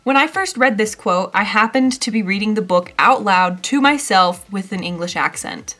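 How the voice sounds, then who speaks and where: A young woman chatting casually as she reviews a book, rambling a bit and filling her pauses with ums. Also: mid-range voice, animated, bright, forceful tone, soft background music. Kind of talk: casual chat.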